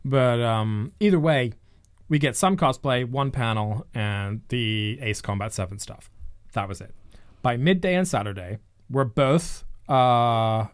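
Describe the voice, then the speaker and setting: A man's voice: mid-range voice, unhurried, smooth, no room sound, clean studio sound. Chatty laid-back male podcast co-host. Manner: laughs often, rambling with many fillers. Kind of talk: casual chat.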